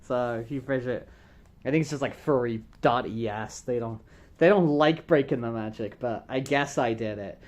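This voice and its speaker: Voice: medium pitch, moderate pace, darkish tone. A furry vlogger chatting casually to camera, rambling with lots of fillers and restarts, upbeat and enthusiastic as they address viewers directly.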